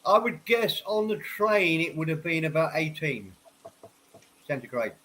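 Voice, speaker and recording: A man's voice: a little high, expressive, measured pace, bright, forceful tone, a little hiss or hum, rough recording. A man hosting a casual livestream chat, stuffed up from a head cold and a few whiskeys in, rambling and restarting his words. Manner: tipsy after a few whiskeys. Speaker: livestream host. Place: home office.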